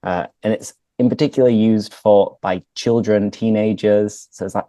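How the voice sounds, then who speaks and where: British guy teaching english in a chat, warm low-key tone, dry no-echo sound. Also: normal speed. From Britain. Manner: relaxed, explains for learners. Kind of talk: casual conversation, explaining words.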